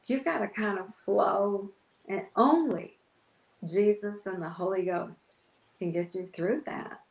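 A woman's voice: medium pitch, slow pace, vocal fry, echoey room, rough recording. A woman pastor telling an emotional personal story in an interview, acting out her own past words. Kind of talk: testimony in an interview.

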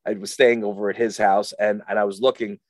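A middle-aged man co-hosting a casual chat, rambling and halting with many restarts. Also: fairly low pitch, little pitch movement, no room sound. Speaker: podcast co-host.

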